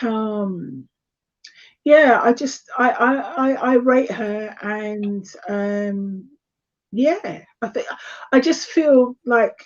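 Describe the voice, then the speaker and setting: Chatting on a live stream she co-hosts, a tarot reader from England stumbles through with many fillers and restarts, in an accent that moves between standard British and London speech. She speaks at a medium pitch, and the recording is muffled.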